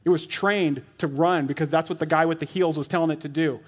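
A man's voice: on the high side, steady tone, fast talker. A man in his thirties who is a lay elder, giving a casual, joking sermon full of fillers. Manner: chatty and joking, lots of "like", laughs at his own jokes.

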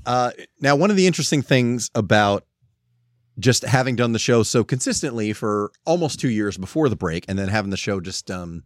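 A man's voice: on the low side, a little fast, no echo, clean studio sound. A man hosting a podcast, chatting casually and making joking asides. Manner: lively, joking interjections. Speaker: podcast host. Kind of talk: casual chat.

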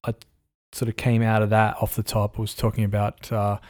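Low, flat-voiced male pastor. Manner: thoughtful, halting, many fillers. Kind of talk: casual interview answers.

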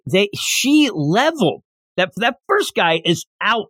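Man, podcast host, casual recap, animated, laughing, slightly high voice, dry close sound. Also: takes it slowly, no room sound. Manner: animated, laughing, acts out quotes. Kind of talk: casual manga recap chat.

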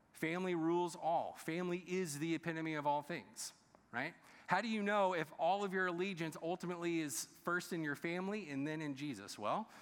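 A man's voice: a little high, fairly bright tone. A man preaching a sermon as pastor. He speaks emphatically and often asks the congregation rhetorical questions. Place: large church sanctuary. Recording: long reverb of a large church hall.

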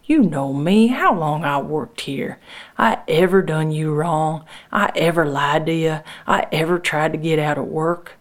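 A woman's voice: low voice, measured pace. A woman voicing a worried plant worker who speaks in plain, folksy dialect. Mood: pleading. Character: anxious working man, plant worker, stubborn.

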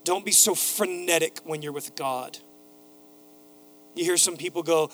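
A male pastor preaches to his congregation, leaning into emphatic repetition and slipping into an easy storytelling voice for anecdotes. His voice sits a bit high. Faint instrumental music plays behind him in the sanctuary. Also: steady tone, moderate pace. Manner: preaching with emphatic repeated phrases, quoting a neighbor in a casual voice. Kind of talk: sermon. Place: church sanctuary.

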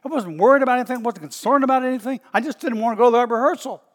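A middle-aged man with a Southern US accent, a pastor preaching in a folksy, storytelling way that bursts out loud at times. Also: very high voice, rapid-fire, big-room sound. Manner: folksy and animated, stretches words, bursts out loud. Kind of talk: storytelling sermon.

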